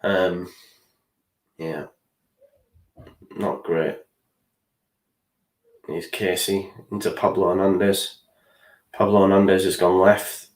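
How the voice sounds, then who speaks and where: A young man hosts a live football watchalong, talking through the match in a frustrated voice and now and then swearing. His voice sits low. The sound bounces around an echoey room. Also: little pitch movement, takes it slowly, pauses often, a little mellow. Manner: frustrated, swears, reads out viewer chat. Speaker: fan channel host.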